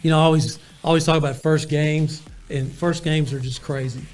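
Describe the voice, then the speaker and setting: A man's voice: a little high, steady tone, normal speed, darkish tone. A man, a sports show interviewer asking a coach questions in a conversational way with fillers.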